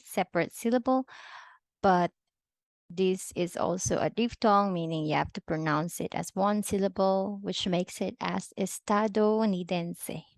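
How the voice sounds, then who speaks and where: A woman teaching a recorded language lesson, modeling words slowly and repeating them for learners to echo. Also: mid-range voice, gravelly. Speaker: Spanish teacher.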